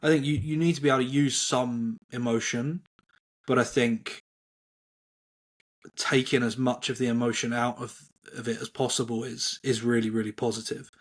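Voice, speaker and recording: Brief: male coach guest, mid pitch, level delivery, calm and considered. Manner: measured, calm, even-toned. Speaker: volleyball coach, interview guest. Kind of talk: reflective interview answers.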